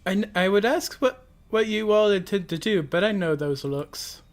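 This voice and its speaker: A man's voice: sits high, moderate pace, faint music behind. A man reading video game dialogue aloud as a streamer, earnest and stumbling over names.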